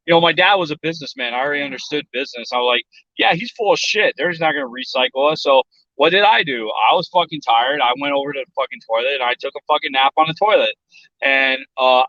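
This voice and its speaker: A man's voice: medium pitch, bright, forceful tone, no echo, muffled recording. A man from South Texas telling a story in casual chat, blunt and profane, and he acts out the voices of other people. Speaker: podcast guest.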